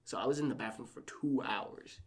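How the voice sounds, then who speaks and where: A young man, a podcast guest, telling a personal story in casual chat, animated and acting out quotes with lots of "like". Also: mid-range voice, fairly quick.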